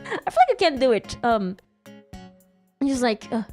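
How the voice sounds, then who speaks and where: A woman's voice: fairly high pitch, huge pitch swings, moderate pace, a little mellow, faint music behind. A woman streamer chatting casually, giggling often as she tells a rambling story with false starts.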